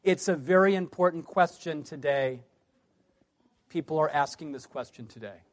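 A man in his forties from the United States, giving a sermon presentation. He swings between loud emphasis and quiet phrase endings. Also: normal speed. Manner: varies loudness widely, drops low at phrase ends. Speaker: preacher.

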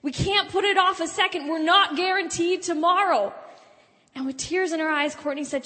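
A woman with a high voice tells her personal story of evangelism to an audience, earnest and sometimes hushed. Her voice rings in a large hall with a long reverb. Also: moderate pace. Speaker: evangelist giving a testimony. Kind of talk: spoken testimony to an audience.

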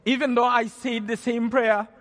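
This Rwandan preacher's very high-pitched, slightly bright voice barely moves in pitch, and he talks at normal speed. His earnest storytelling testimony is full of repeated and restarted phrases, heard through long hall reverb.

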